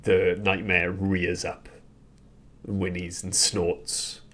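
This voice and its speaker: A deep-voiced man narrates a tabletop roleplaying game as dungeon master. He talks slowly and haltingly, with frequent ums and pauses. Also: little pitch movement, a bit bright.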